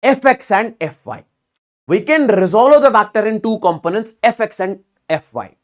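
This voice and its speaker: A man teaching physics in a live online exam-prep class, talking in animated bursts, repeating words and checking in with students often. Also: high-pitched, moderate pace.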